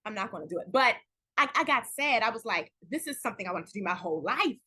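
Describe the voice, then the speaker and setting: A woman, an actress, chatting candidly in an interview, telling stories with lively acted-out quotes and at times close to tears. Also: a little high, fast talker, slightly rough. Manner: animated storytelling, acts out quoted dialogue, near tears at times. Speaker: guest actress.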